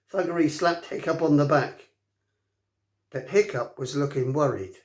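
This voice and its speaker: A man reading a children's book aloud to a class, with expressive, dramatic delivery. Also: fairly high pitch, normal speed. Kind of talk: storybook read-aloud. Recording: echoey room.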